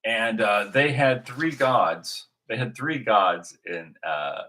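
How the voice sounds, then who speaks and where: A man talks through a loose religious monologue with a bright, forceful tone and a lowish voice. He rambles, restarts his sentences and fills pauses with ums and uhs. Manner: rambling, many restarts and fillers. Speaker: video host.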